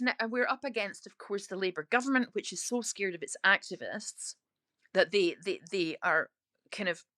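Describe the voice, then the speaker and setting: Bright-voiced outspoken Scottish woman. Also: mid-range voice, no room sound. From Scotland. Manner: emphatic and outspoken, quick laughs. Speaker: interviewee, author turned lorry driver. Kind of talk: casual interview talk.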